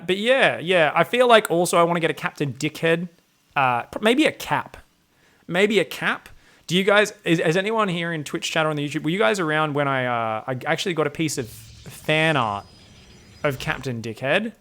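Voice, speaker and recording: A male game streamer with a slightly high voice, joking and swearing as he rambles through casual commentary. He keeps up a loose, profane patter. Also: fairly bright tone.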